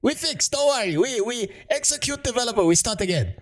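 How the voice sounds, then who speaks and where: A man's voice: sing-song, a little fast, darkish tone. A man voicing a pushy male hawker who speaks in clipped broken phrases, grinning and salesy. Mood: pushy, teasing. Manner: clipped broken phrases, high squeaky pitch. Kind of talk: mock impression on a livestream.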